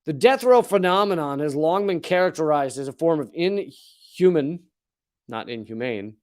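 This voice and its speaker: This comedian and political commentary host, in his forties, sounds animated and a little fast, with a fairly high, clear and resonant voice. He reads news stories in a comedic political monologue, sardonic and profane, tossing in asides.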